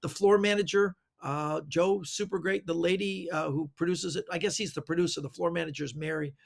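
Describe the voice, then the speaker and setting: A man, a guest magician, telling animated anecdotes in a casual interview over a video call. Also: a little high, a little fast, gravelly. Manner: animated anecdotes with quoted voices. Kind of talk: casual storytelling.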